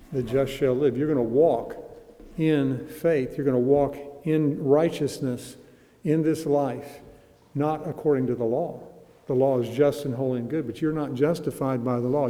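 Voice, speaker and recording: Dark-voiced man teaching a Bible study. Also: medium pitch, big-room sound. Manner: conversational, with slow emphatic scripture quotes and restarts.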